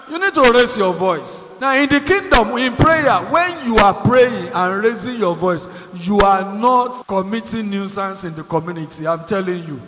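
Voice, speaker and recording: A man preaching a fervent sermon, building to loud exhortation. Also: very high-pitched. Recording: echoey hall, loud background noise.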